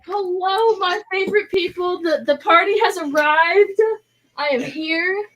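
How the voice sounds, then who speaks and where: Bright, lively young woman teasing. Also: extremely high pitch, low-quality recording. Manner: playful and teasing, quick comebacks. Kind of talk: casual group chat.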